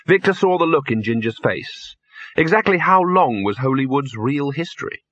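A man narrates an audiobook with lively, expressive delivery, giving the characters their own voices. His pitch is medium and his pace moderate, and the recording is slightly dull but free of echo.

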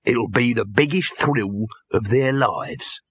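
A man's voice: mid-range voice, takes it slowly, breathy edge, no room sound. A man voicing a brash middle-aged male promoter with a pushy salesman manner, on a slightly dull recording. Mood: boastful.

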